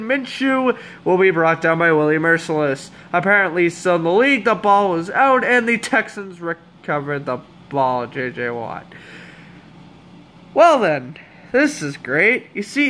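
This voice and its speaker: A young man calling a football game as a fan commentator, hoarse and under the weather, with sarcastic, exasperated asides. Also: on the high side, sharp tone, a little hiss or hum. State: hoarse, voice giving out. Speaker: amateur play-by-play commentator.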